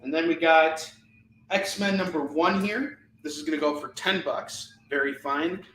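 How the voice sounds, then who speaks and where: A man hosting a live comic-selling stream, animated and ranting, often breaking into laughter. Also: a little high, measured pace, far from the mic, slight background noise. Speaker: live shopping show host selling comics. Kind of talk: live-stream sales chat and rant. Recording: echoey room.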